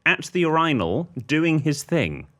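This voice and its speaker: Lively man telling stories. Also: on the high side, unhurried. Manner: animated storyteller, doing voices in anecdotes. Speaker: podcast co-host. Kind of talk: casual chat.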